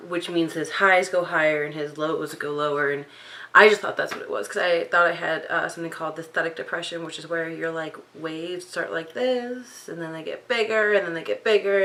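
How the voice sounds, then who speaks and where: Young woman, sleep-deprived vlogger, unscripted rambling, slightly low pitch, bright tone. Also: rough recording. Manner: rambling, many fillers and restarts. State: sleep-deprived, up late at night. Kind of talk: unscripted personal vlog.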